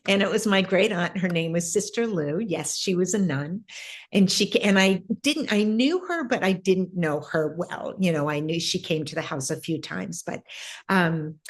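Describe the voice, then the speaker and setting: A woman guest in an interview, telling a personal spiritual story in a reflective, halting way with many pauses and fillers. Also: fairly low pitch. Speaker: interview guest, ancestral healer.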